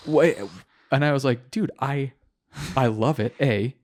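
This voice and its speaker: A man's voice: mid-range voice, measured pace, darkish tone. Joking man hosting a casual podcast. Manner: joking, breaks into mock voices. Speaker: podcast host. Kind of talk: casual chat.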